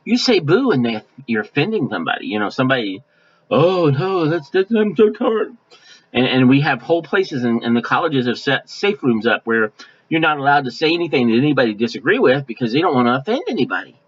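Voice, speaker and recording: A male pastor preaching a sermon in a folksy, conversational way, now and then mimicking offended people in quick asides. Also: medium pitch, big pitch swings, husky. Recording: dull lo-fi sound.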